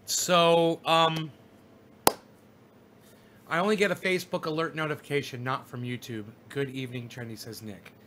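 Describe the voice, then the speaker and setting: A middle-aged man hosts a casual livestream, reading out viewers' comments and answering them at length. His voice sits high and sounds bright. He rambles and swears freely as he lectures the chat. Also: fairly even intonation, measured pace, long pauses, a little hiss or hum. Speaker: live streamer reading chat.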